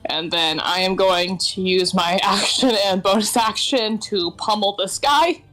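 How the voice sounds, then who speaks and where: A woman player in a tabletop game speaks slowly and easily. She calmly lays out her character's moves and counts her attacks out one by one, with faint music underneath. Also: mid-range voice. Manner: slow, easygoing, counting out dice rolls. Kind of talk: casual tabletop play.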